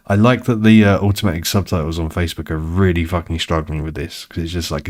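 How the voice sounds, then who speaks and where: Deep british guy streaming a game, rambly and sweary, mock-annoyed. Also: steady tone, fast talker, few pauses. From United Kingdom. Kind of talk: casual chat while gaming.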